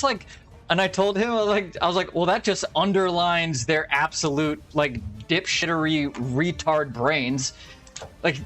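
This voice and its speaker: Profane man ranting over faint music. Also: on the high side. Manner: profane, ranting, animated storytelling. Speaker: streamer. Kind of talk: casual chat.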